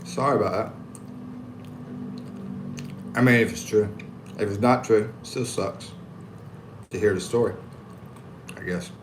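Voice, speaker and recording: A man's voice: on the low side, a little slow, long pauses, noisy background. An American man hosting a casual livestream, reading viewer comments and answering them in a laid-back way with frequent chuckles. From United States. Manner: laid-back, chuckling, reads comments aloud with animated voices. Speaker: livestream host reading chat. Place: at home in the Philippines.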